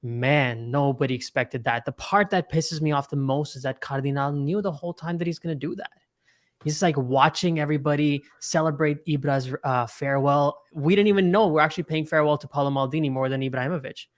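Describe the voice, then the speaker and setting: A man's voice: a little high, a little fast. A man speaking as a podcast guest in casual panel chat, earnest, now and then restarting his words.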